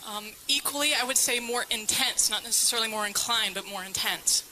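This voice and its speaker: A woman's voice: a little high, a little fast, pushed and bright, a little hiss or hum, low-quality recording. Playful woman asking from the audience. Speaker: audience member asking a question. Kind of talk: live Q&A.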